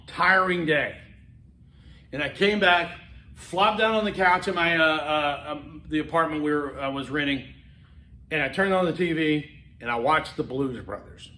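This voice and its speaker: A man with a fairly high voice lectures to a class in a loose, chatty way, trailing into fillers and restarting his sentences. The sound rings around a reverberant classroom. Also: sharp tone. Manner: conversational, rambling with many fillers and restarts. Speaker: college instructor.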